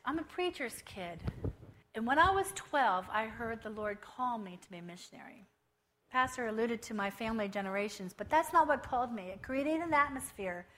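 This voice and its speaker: A woman around fifty, a missionary giving a lively testimony at a church service and telling her story with acted-out dialogue. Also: on the high side, normal speed. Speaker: missionary speaker.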